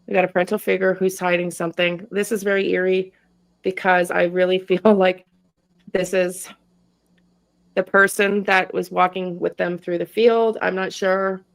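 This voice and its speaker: Flat-voiced woman reading tarot live. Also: lowish voice, vocal fry, low-quality recording. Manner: hesitant, halting, self-interrupting. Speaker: tarot reader and channel host. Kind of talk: live-stream tarot reading, casual chat.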